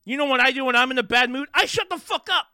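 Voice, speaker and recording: A man with a very high, sharp, bright voice rants on a live stream, loud and full of swearing. The sound is dry and close, with no room echo. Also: fast, smooth. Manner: loud, profane, fired-up ranting. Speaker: streamer and podcast host. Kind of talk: unscripted rant on a live stream.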